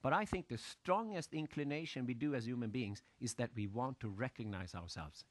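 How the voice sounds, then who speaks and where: A man lecturing an audience with lively storytelling, asking questions and using loose, broken grammar. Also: medium pitch, normal speed, dry recording. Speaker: motivational speaker.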